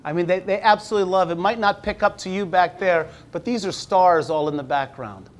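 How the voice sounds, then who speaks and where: Casting: man, high pitch, relaxed presenter with restarts, slows for read-alouds. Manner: conversational, with restarts; slows down when reading aloud. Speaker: teacher presenting at a university talk. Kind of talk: conference presentation.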